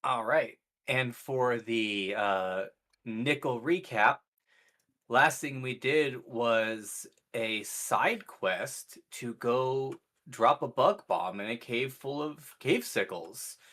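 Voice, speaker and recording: A man's voice: mid-range voice, slow pace. A man acting as game master, casually recapping the last session with many fillers. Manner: relaxed, uses many fillers.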